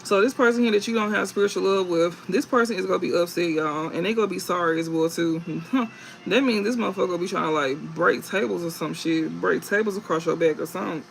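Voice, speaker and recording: A man's voice: high-pitched, fast talker, vocal fry, fairly bright tone, slight background noise, poor audio. A man giving a live tarot reading, blunt and profane, laughing often and repeating points for emphasis. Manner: emphatic repetition. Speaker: tarot reader.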